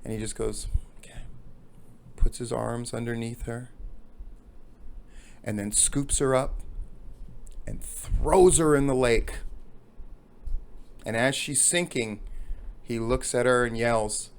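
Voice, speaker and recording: Gravelly man telling a story. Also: mid-range voice, slow pace, long pauses. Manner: animated storyteller, acts out the characters. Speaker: podcast host. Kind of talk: storytelling a joke in a talk on wrestling storytelling.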